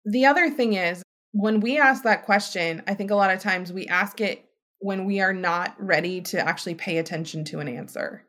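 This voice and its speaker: A woman talks through a casual podcast monologue at a mid pitch. She is chatty and emphatic, and she leaps up in pitch whenever she acts out what other people say. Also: fairly quick, bright, forceful tone. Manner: chatty, emphatic, acts out quoted voices with big pitch jumps. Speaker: podcast host; healthcare provider.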